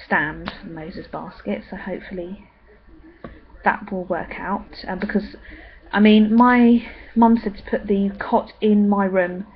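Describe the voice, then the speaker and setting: A young woman chatting in a rambling way with many pauses and ums. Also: mid-range voice, fairly even intonation, narrow, tinny audio. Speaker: vlogger. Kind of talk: casual pregnancy update vlog.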